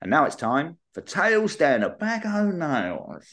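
A man's voice: a little high, huge pitch swings, measured pace. A young adult man co-hosting a podcast, rambling and hesitant, trailing off mid-thought. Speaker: podcast co-host. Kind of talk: casual chat.

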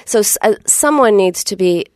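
A woman's voice: medium pitch, expressive, moderate pace, a little mellow, no echo, clean studio sound. A woman in her forties, a psychoanalyst guest, explaining ideas and telling stories from her practice. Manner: explanatory, tells anecdotes. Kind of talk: casual interview talk.

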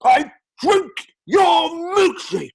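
A man's voice: fairly high pitch, big pitch swings, takes it slowly, creaky, breathy edge, full character voice. A man voicing an oil baron in a spoof radio advert, slipping into a Welsh accent, drawling and breaking into laughter. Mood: mock salesman. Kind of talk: comedic podcast advert sketch.

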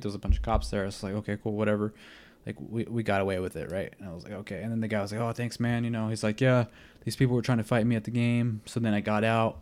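A man's voice: medium pitch, darkish tone. A young man hosting a podcast, telling a rambling story in a casual way, full of fillers, who acts out the lines of everyone in it. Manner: rambling, filler-heavy, retells scenes with quoted dialogue. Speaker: podcast host.

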